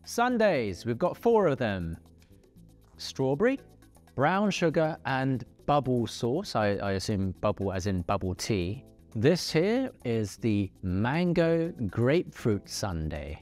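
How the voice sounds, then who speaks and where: A man's voice: mid-range voice, big pitch swings, takes it slowly, darkish tone, soft background music. A man casually presenting and reviewing food on camera, chatty and jokey with playful asides.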